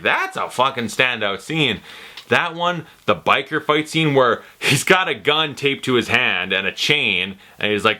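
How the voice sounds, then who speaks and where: Excitable, profane man with a bright voice. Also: medium pitch. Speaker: TV series reviewer. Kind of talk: casual spoken review.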